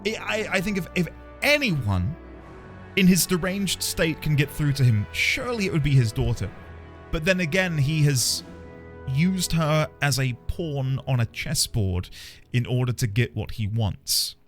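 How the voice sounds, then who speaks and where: A man's voice: a little high, lively intonation, measured pace. A man streaming a game, chatting casually in a playful, rambling, self-mocking way. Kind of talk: casual gameplay commentary. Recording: game music behind.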